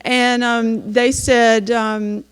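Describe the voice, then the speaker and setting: A woman's voice: on the high side, level tone, drawn-out words, clean tone. Chatty woman in echoing hall. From North Carolina, US. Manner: chatty storytelling with frequent "um"s. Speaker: teacher presenting to an audience. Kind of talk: slideshow presentation. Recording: long hall reverb.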